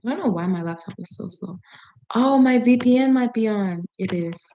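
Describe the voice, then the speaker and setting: A woman with a mellow, medium-pitched voice practices reading aloud in a language she's learning, keeping a moderate pace. She chats casually as she goes, often laughing and pausing to puzzle over words.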